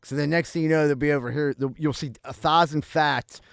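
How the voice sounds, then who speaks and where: A man's voice: on the high side, steady tone, fairly quick, smooth, no room sound, studio quality. A man, co-hosting a podcast, telling stories in a brash, laughing casual chat. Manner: brash, swears, laughs often. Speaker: podcast co-host.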